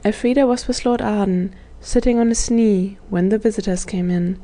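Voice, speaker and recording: A woman reading a children's story aloud as scripted narration, giving the characters gentle voices. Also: medium pitch, moderate pace. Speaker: audiobook narrator.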